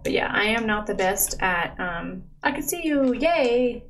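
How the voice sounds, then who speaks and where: A young woman live-streaming from home on a close mic, gushing excitedly as she opens gifts, saying "like" and "oh my gosh" over and over. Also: on the high side, unhurried, a little hiss or hum, low-quality recording. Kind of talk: casual live-stream unboxing chat. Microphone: close desk mic.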